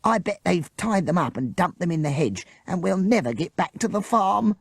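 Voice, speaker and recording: A man's voice: sits high, animated, moderate pace, gravelly, breathy edge, no room sound, clean studio sound, pitched above the performer's own voice, exaggerated voice. A man doing a bitter, grumbling schoolgirl.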